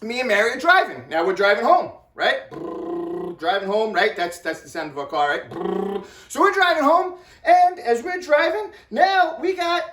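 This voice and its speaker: Excited high-pitched guy ranting a story in a vlog, echoey room, sitting back from the mic. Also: normal speed, hardly any pauses, recorded from a distance, slight background noise. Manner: excitable, repeats himself, acts out quotes. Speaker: vlogger.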